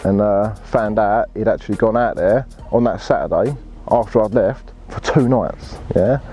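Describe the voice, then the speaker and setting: A man's voice: fairly low pitch, normal speed, mellow. A man telling a fishing story in blunt, laddish slang and swearing freely. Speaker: angler telling his story. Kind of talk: casual storytelling.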